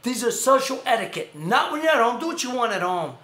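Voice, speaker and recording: A man hosting a casual livestream, ranting animatedly and sometimes shouting. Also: extremely high pitch, big pitch swings, fast talker, roomy sound. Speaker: show host. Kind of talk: casual livestream rant and chat.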